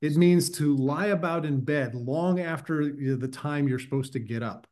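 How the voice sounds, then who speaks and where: A man from the United States, a writer appearing as a guest on a casual podcast interview, speaks at normal speed in a slightly high, somewhat mellow voice. He tells stories in a rambling way, chuckling as he goes.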